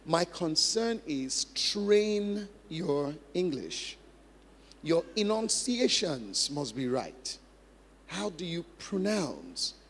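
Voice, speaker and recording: A man's voice: on the high side, sing-song, extremely slow, fairly bright tone, slight background noise. A man preaching a sermon as pastor, emphatic, repeating key phrases and acting out practice drills. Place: large church hall. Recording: long hall reverb.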